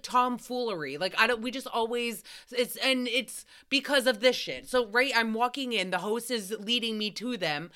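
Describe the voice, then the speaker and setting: A young woman with a fairly high, bright voice that comes across smooth and clear. She hosts a casual podcast and rambles through stories, swearing and bursting into loud acted-out quotes. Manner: animated, swearing, acts out quotes with loud outbursts. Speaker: podcast host. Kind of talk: casual storytelling recap.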